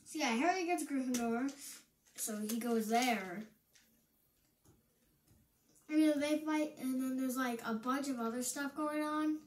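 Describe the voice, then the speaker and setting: A teenage girl with an American accent gives a casual movie review, rambling and excitable, often cutting herself off mid-thought. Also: high voice, unhurried, pauses often, echoey room, slight background noise. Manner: rambling and excitable, self-interrupting.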